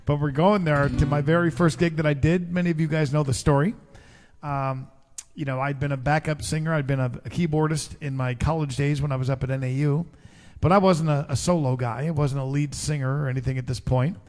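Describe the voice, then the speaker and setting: A middle-aged man, a singer-songwriter, telling a relaxed, chatty story between songs at a live show. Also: on the high side, fairly quick, big-room sound. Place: live music venue. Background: guitar.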